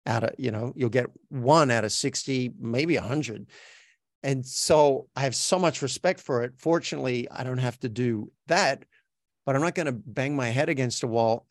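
A gravelly-voiced man with an Australian accent talks over a dry, close microphone. He speaks as an interview guest, chatty and self-reflective, and often restarts his sentences. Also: medium pitch, dry recording. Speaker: guest, actor. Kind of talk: podcast interview.

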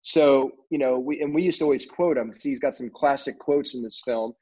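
A man in casual conversation, telling rambling, animated stories about his career in film, with lots of fillers and restarts. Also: mid-range voice, brisk, breathy edge. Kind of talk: casual storytelling interview. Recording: dull lo-fi audio.

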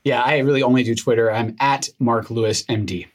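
A man with a Scottish accent co-hosting a medical podcast, speaking in a measured, thoughtful way. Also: medium pitch, fairly even intonation. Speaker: podcast co-host, doctor. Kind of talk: casual podcast chat.

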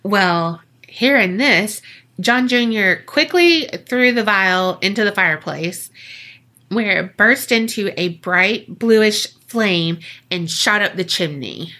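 A woman's voice: mid-range voice, lively intonation, takes it slowly, sharp tone. A woman hosting a podcast, telling a story in a casual, joking way with swearing and lots of fillers. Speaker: podcast host.

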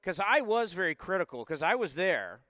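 A man in his forties hosting a live sports talk show, talking in an energetic, rambling way with lots of asides. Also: sits high, normal speed, dry recording. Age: 40s. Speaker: sports podcast host.

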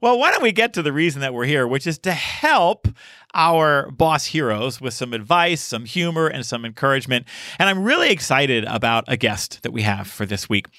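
A man hosting a podcast in casual chat, animated and quick to laugh. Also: medium pitch, no room sound, clean studio sound. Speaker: podcast host.

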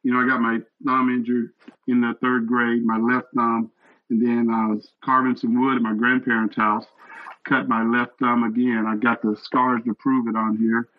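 Older male guest, earnest animated storyteller, mid-pitched voice, slightly dull lo-fi recording. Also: normal speed. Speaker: guest, retired fire captain and chaplain. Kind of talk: storytelling interview.

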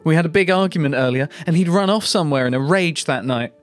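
Guy putting on a squeaky upset widow, over the top, comedy podcast read, faint music. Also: animated, moderate pace. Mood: distraught. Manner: melodramatic, high put-on voice. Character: distraught widow, woman in her thirties.

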